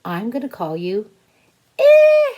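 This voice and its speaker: A woman voicing a kindly, patient mother of five in a children's story, speaking gently and playfully and stretching out sounds. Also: medium pitch, very animated, measured pace, lo-fi sound. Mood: fond, amused.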